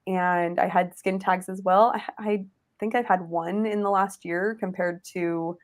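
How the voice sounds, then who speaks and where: A woman's voice: medium pitch, steady tone, a little slow. A woman co-hosting a casual livestream, telling her own story in a loose, rambling way. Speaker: livestream co-host.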